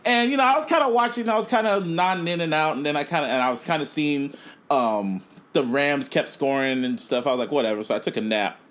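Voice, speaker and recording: A man co-hosting a casual podcast, telling a story in an animated, profane way. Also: fairly high pitch, fast. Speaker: podcast co-host. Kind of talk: casual chat.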